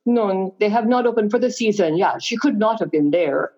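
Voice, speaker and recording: A woman's voice: medium pitch, animated, normal speed, dark tone, slightly rough. A woman voicing a young French waitress with a French accent, giving brief, polite answers. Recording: dull lo-fi recording.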